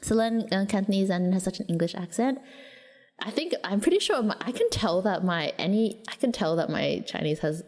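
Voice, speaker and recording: A woman's voice: mid-range voice, lively intonation, fairly quick, a little mellow. A woman with an Australian accent chats loosely with her livestream viewers and rambles from one thought to the next. She keeps restarting her sentences and giggling. Her voice sits in a middling register, and a long reverb tail trails behind her words. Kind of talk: casual chat with viewers.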